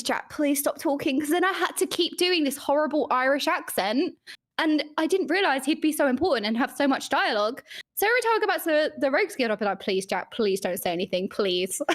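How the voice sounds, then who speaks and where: A woman guest on a casual podcast who tells her stories in an animated way. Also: high voice, fast talker. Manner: animated storytelling. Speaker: streamer guest.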